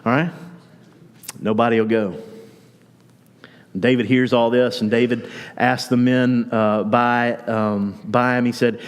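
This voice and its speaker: A man preaching a sermon as pastor, retelling a story in a relaxed, conversational way and acting out the quotes. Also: mid-range voice, slow pace, pauses often, clear, resonant tone, in a large hall. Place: church.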